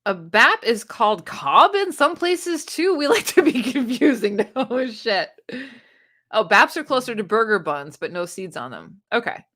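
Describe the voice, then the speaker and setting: A woman's voice: a little high, sing-song, measured pace, bright, forceful tone. A woman hosting a casual live stream, reading viewers' comments aloud and chatting with them, laughing often. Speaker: booktube live-stream host.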